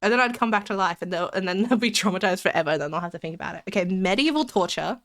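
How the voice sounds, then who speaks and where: A woman's voice: medium pitch, lively intonation, rapid-fire, fairly bright tone. A woman streamer chatting casually to her viewers, rambling and giggly, while sick with a cold. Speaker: live streamer. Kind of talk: casual live-stream chat.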